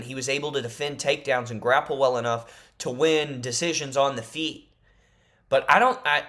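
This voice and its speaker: A man talking to camera in a casual fight-prediction vlog, rambling like an animated fan and jokingly insisting his made-up leaks are real. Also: mid-range voice. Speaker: MMA YouTuber.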